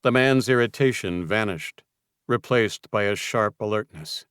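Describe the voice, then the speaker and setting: Guy reading a thriller audiobook, measured and tense, clear resonant voice, dry sound. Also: lowish voice, fairly bright tone, dry recording. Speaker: audiobook narrator. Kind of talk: scripted thriller narration.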